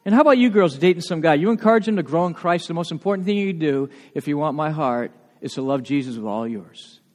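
A man with a New England accent, a pastor preaching a sermon in a lively, conversational way, full of rhetorical questions. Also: on the high side, fast. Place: church sanctuary. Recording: long church reverb.

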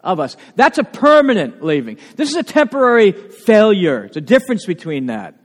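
A male pastor preaching a sermon in a church, animated and emphatic, with frequent asides to the congregation. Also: high-pitched, normal speed. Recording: long reverb of a large hall.

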